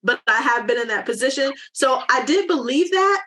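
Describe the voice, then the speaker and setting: A woman's voice: high-pitched, lively intonation, moderate pace, sharp tone. A woman in her thirties chatting casually, telling frank personal stories. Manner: candid, frank storyteller. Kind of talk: casual chat.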